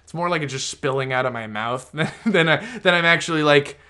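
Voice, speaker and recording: Podcast co-host, male, fairly high voice, loose rambling chat, cuts himself off and restarts a lot. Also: brisk, pushed and bright, smooth. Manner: rambling, self-interrupting, swears casually. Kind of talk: casual chat.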